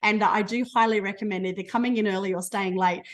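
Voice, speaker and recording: A woman's voice: mid-range voice, fairly even intonation, fast talker. An enthusiastic Australian woman presenting a trip over slides on a video call, bubbly and chatty. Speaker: travel promoter.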